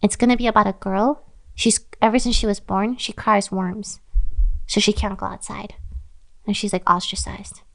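A woman's voice: mid-range voice, little pitch movement, moderate pace, creaky. A woman on a podcast, rambling and laughing as she makes up a strange story in casual chat. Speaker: podcast co-host.

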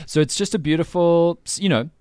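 A man's voice: a little high, a little fast, darkish tone, clear, resonant tone, no echo. Upbeat chatty radio host man. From South Africa. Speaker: radio breakfast show host. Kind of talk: radio banter and links.

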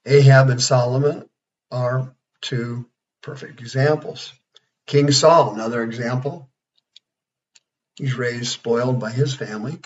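A man's voice: medium pitch, fairly even intonation, unhurried, pauses often. A man in his sixties giving a folksy, rambling radio Bible study as preacher and counselor. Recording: dull lo-fi radio sound.

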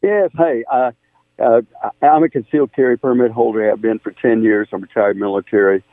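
A man's voice: medium pitch, brisk, dry recording. An older man calling in to a radio show, indignant and stumbling over his words. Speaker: radio caller. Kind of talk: call-in on the phone. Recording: tinny phone line.

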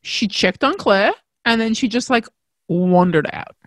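A woman telling a personal story as a mother in a frank, expressive, self-mocking way, swearing casually. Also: mid-range voice, measured pace, dry recording.

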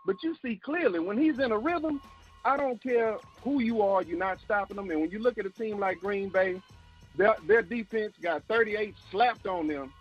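A man's voice: high voice, normal speed, soft background music. A man calling in to a sports talk show, out of breath and making his point with emphasis. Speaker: caller. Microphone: phone line. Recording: dull lo-fi phone call.

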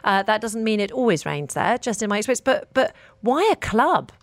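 A woman from Britain hosting a casual radio chat interview, playful and quick to laugh as she teases her guest. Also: mid-range voice, expressive, no echo. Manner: playful, laughs often, teasing. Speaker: radio show host.

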